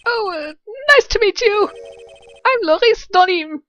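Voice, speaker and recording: A woman voicing an excitable, lovestruck young man in a fan dub of a video game. He talks in a high, squeaky, overexcited way. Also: measured pace, dry recording, dull audio, heavily acted. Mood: flustered.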